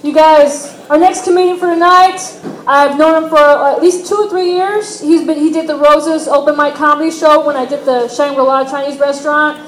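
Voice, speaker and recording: High-voiced woman emceeing a comedy night. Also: fairly even intonation, normal speed. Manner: upbeat, shouts the name out. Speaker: show host introducing comedians. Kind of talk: emcee introduction. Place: comedy bar stage. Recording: echoey club with crowd.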